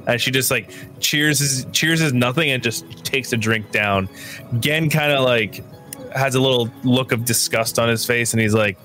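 A man's voice: medium pitch, moderate pace, pushed and bright, soft background music. A man narrating as game master in a casual, loose way, often saying kinda and like. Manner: casual, laughing, uses fillers like "kinda".

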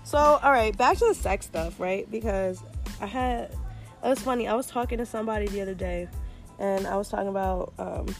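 A young woman co-hosting a casual chat, blunt and profane, telling animated stories. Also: mid-range voice, moderate pace, faint music behind.

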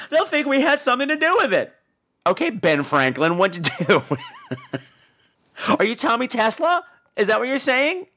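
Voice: medium pitch, fairly bright tone. A podcast host ranting sarcastically about a bad movie, swearing freely and repeating words for emphasis.

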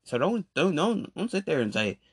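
A man's voice: a little high, moderate pace, slightly rough, no echo, studio quality. A young adult man, hosting a solo podcast and ranting animatedly about friends who did him wrong. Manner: animated, repetitive, calling people out. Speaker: podcast host.

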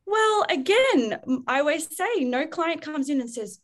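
Frank, animated woman. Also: high voice, a little slow. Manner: frank, animated, acts out quoted voices. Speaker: parenting expert. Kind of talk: casual podcast chat.

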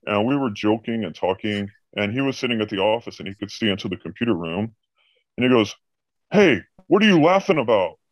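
Profane, animated male storyteller. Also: fairly low pitch, fast talker, dry recording. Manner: profane, animated anecdote telling. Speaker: podcast guest recounting a job. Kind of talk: casual storytelling chat.

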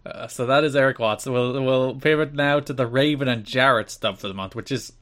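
A man's voice: mid-range voice, fairly quick, fairly bright tone. A man co-hosting a wrestling history podcast, chatting casually in a wry way and laughing often. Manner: wry, laughing, slips into exaggerated impressions. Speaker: podcast co-host.

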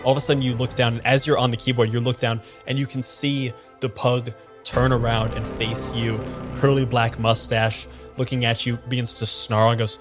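A man running a tabletop role-playing game, describing scenes in a casual, rambling way full of fillers. His voice sits at a middle pitch for a man. Music plays clearly behind him. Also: little pitch movement, normal speed. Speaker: game master.

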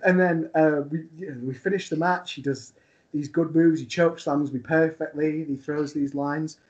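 A man, a wrestler guest, telling a long funny story in a casual, animated way with laughs. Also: on the high side, normal speed, muffled recording.

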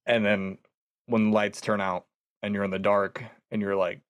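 A man's voice: on the low side, level tone, moderate pace, no echo. A young man guesting on a podcast, telling a ghost-hunting story in casual chat, acting out quoted voices and laughing often.

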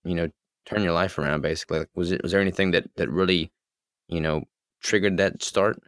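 A man hosting a podcast, his voice very deep. He asks loose, rambling questions full of fillers. The sound is dry and close, with no room echo. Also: steady tone, fairly quick, fairly bright tone. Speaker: podcast host. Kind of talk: interview conversation.

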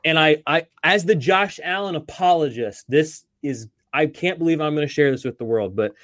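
A man's voice: a little high, normal speed, a bit bright, no echo. Man, podcast host, casual rambling chat, fillers and restarts, dry close mic.

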